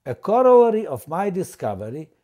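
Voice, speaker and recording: A man for whom English is a seventh language reads a prepared open letter aloud. His wording is formal and stilted, and his delivery is deliberate. His voice is somewhat high for a man, with a lively, swinging pitch and a mellow, dark warmth. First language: not English; English is his seventh language. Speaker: language teacher presenting his method.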